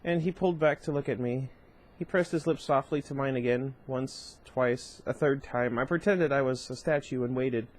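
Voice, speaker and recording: A man reads a novel aloud with casual, wry asides, stumbling over words now and then. His voice sits mid-range in pitch for a man. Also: moderate pace. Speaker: reader.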